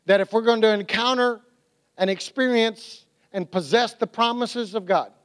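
High-voiced preacher with a drawl. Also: male voice. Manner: animated preaching with restarts and acted-out quotes. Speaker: pastor. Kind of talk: sermon.

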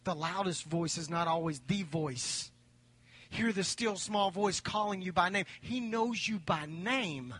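A middle-aged man preaching a sermon as pastor in a church, swinging from loud exhortation to hushed whispers. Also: sits high, measured pace, breathy edge. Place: church sanctuary.

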